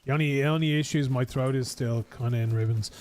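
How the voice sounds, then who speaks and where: A man's voice: mid-range voice, fast, a little mellow, a little hiss or hum. A man, a streamer, chatting casually and joking while he plays a game. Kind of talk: casual gaming stream chat.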